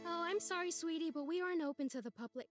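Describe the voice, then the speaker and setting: A woman's voice: very high-pitched, quick pace, music in the background, voice pushed up. A woman voicing a cheerful, overworked park volunteer with a sing-songy voice while reading a visual novel aloud. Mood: chirpy.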